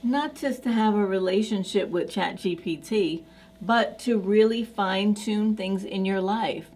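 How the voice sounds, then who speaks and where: A woman's voice: mid-range voice, unhurried, a little mellow. A woman vlogger chatting casually to camera in an effusive, enthusiastic way, with many fillers.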